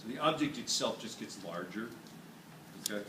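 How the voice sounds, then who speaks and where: A man teaching physics to a class, running a hands-on demonstration in a lively, joking way. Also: lowish voice, moderate pace. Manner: playful, jokey, energetic demonstrator. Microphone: camera at a distance. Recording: echoey classroom from far off, noisy.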